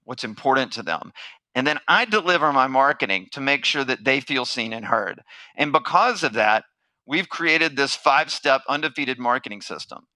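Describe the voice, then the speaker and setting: A middle-aged man giving a motivational keynote, telling a story with animated energy and acting out the people he quotes. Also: medium pitch, dry recording, rough recording. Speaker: marketing speaker.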